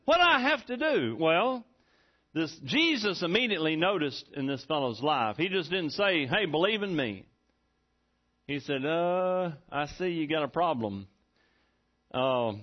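A middle-aged pastor delivering a sermon with a folksy, chuckling storyteller's touch. His voice sits a little high for a man. The recording sounds dull and muffled. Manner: folksy storytelling, laughs often.

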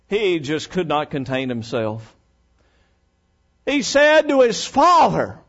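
A man preaching a sermon, folksy and emphatic, swinging between loud and hushed. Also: high voice, very animated, slow pace, pauses often, highs cut off.

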